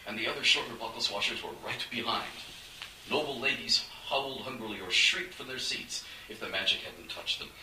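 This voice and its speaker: A man narrating a fantasy adventure audiobook in an animated, dramatic storytelling manner. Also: on the low side. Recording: echoey room, distant mic, faint hiss.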